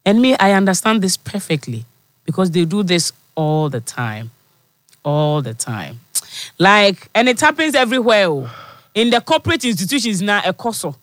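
A man's voice: high voice, big pitch swings, moderate pace, fairly bright tone, no echo. A man with a Ghanaian accent hosting a live stream interview, talking casually and encouragingly, switching between English, pidgin and Twi.

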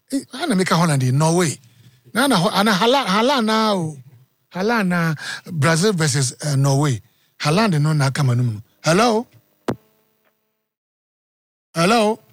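A man with a Ghanaian accent hosting a live sports call-in radio show, energetic and chatty, repeating the phone number. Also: on the high side, dry recording. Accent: Ghanaian English.

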